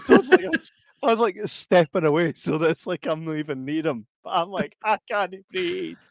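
A man's voice: a little high, very animated, fairly quick, dry recording, clean studio sound. A man co-hosting a casual chat, telling funny stories and breaking into heavy laughter. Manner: laughs heavily while telling anecdotes. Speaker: podcast co-host.

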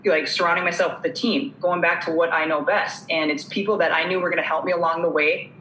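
A woman's voice: on the low side, fairly even intonation, quick pace, a bit bright, echoey room, a little hiss or hum, rough recording. A woman guest telling her story earnestly, acting out the dialogue she quotes. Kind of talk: conversational storytelling.

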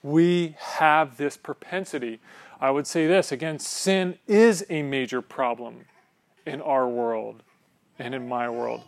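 A man's voice: mid-range voice, slow pace, creaky. A man preaching a sermon in a church, conversational and joking with the congregation, often checking in with "right?". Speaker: pastor.

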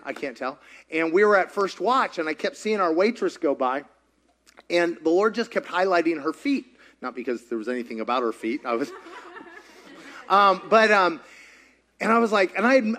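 A man preaching a sermon, telling a story in an animated, chatty way and laughing often. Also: a little high, normal speed. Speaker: pastor.

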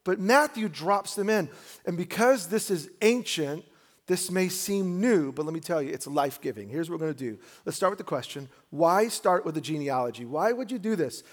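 A man's voice: a little high, animated, moderate pace. A man preaching a sermon in a church, talking conversationally and building to emphatic peaks. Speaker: pastor. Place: church sanctuary.

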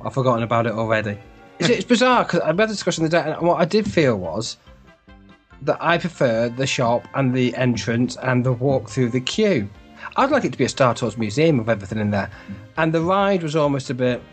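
Brief: male co-host, offhand and wry, animated delivery. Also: mid-range voice, husky. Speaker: podcast co-host. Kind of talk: casual chat.

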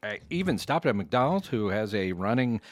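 A man's voice: lowish voice, big pitch swings, moderate pace. A man in his forties co-hosting a podcast, chiming in playfully and making puns. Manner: playful, punny, chimes in. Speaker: podcast co-host. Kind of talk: casual chat.

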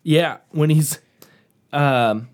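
A man's voice: on the high side, extremely slow, darkish tone. A man co-hosting a podcast, chatting about movies in an easygoing, joking way. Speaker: podcast co-host. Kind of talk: casual chat about movies.

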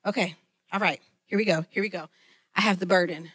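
A woman who leads a ministry, preaching a lively sermon and talking straight to her listeners. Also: fairly low pitch, moderate pace, pauses often. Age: adult, mother of children. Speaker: women's ministry leader.

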